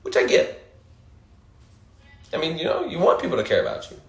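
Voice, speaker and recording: A man's voice: a little high, huge pitch swings, fairly quick, creaky, reverberant. A man hosting an Instagram Live, giving a casual motivational monologue, emphatic and swearing casually, often laughing and repeating his points.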